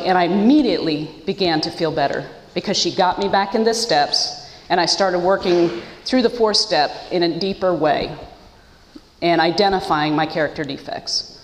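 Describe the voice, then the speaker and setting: A woman's voice: lowish voice, normal speed, slight background noise. Woman speaker, heartfelt personal share, choked up at times, recorded in a reverberant hall. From United States. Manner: earnest, emotional, with self-deprecating laughs. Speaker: speaker sharing her story at a support meeting. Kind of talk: personal testimony.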